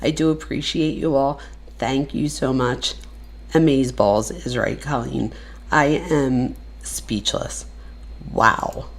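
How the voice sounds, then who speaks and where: A woman's voice: extremely low pitch, takes it slowly, darkish tone. A woman hosting a live stream in casual chat, effusive and chatty with viewers.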